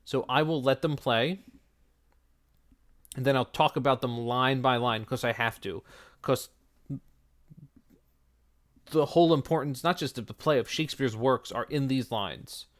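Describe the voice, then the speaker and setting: A man's voice: medium pitch, a little slow, pauses often. A man teaching, going through a text line by line in a conversational way, asking himself rhetorical questions and answering them. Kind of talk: explaining a literary text line by line.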